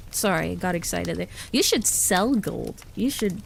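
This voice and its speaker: A fairly low-pitched woman with lively intonation and vocal fry streams from home, speaking at a normal speed with few pauses. Her casual chat with viewers is rambling and giggly, full of restarted sentences, with a faint hiss underneath.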